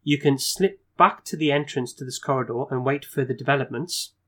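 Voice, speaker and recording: With a medium-pitched, fairly bright voice, a man reads a fantasy gamebook aloud and hosts the playthrough. His narration is brisk, broken up by stumbles and asides.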